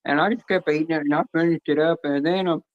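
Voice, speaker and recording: Speaking fast in a low, steady voice, a woman chats casually on a live stream from her home in the United States, spinning folksy stories and acting out her own quotes. The stream audio is dry, dull and lo-fi.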